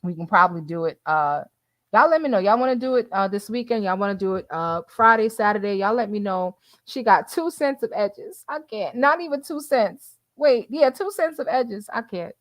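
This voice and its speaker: A woman's voice: mid-range voice, animated, moderate pace, fairly bright tone, dry recording. A woman hosting a casual livestream who chats with her viewers, calls them y'all and laughs often. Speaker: livestream host reading the chat.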